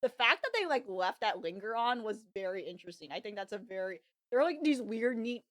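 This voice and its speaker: A woman's voice: mid-range voice, fairly quick, dry recording. Woman, podcast co-host, casual rambling chat, lots of "like", dry close mic. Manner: rambling, filler-heavy, animated. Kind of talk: casual chat about anime.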